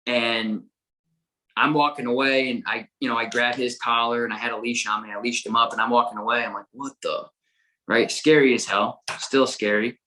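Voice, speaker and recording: A man who is a guest on a dog-training podcast tells a story in a casual, animated way. His voice is bright and forceful. He stumbles over repeated words and swears freely as he gets caught up in the story. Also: mid-range voice, brisk, low-quality recording.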